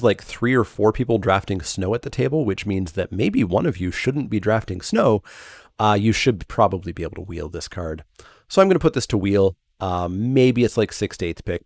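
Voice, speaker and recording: A man's voice: fairly low pitch, dry recording. A man reviewing cards in a casual, chatty way, loose with fillers and self-corrections, laughing at his own remarks. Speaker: card game reviewer. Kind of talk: casual draft set review.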